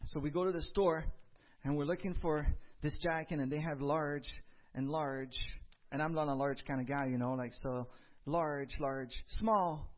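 Man, pastor, sermon, storytelling, fairly high voice, muffled lo-fi recording. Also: moderate pace, hardly any pauses. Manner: animated storytelling, acts out dialogue.

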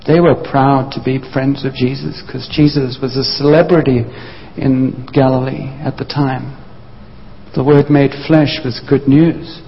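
Gravelly and mid-range, with a steady tone and measured pace, a man's voice tells a sermon story vividly, briefly acting out the disciples. A little hiss or hum sits under the dull sound, along with long reverb from the hall.

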